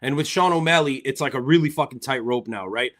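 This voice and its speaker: A man's voice: mid-range voice, quick pace, fairly bright tone. A man co-hosting a casual fight-sports livestream, swearing freely and reading viewer comments aloud. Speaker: livestream co-host reading chat. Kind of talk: casual MMA livestream chat.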